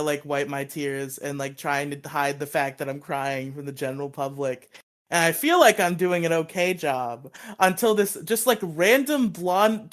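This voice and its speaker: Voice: mid-range voice, fairly bright tone. A young podcast co-host under twenty-one, telling a rambling personal story in casual chat, swearing freely and laughing often.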